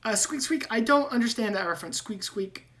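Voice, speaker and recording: A jittery talking rat man who keeps saying "squeak, squeak" between phrases, as a woman puts him on, in a high, lifted voice. He sounds anxious and hurried in a casual online tabletop game. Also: lively intonation, a bit bright. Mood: worried. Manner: peppers every phrase with squeaks.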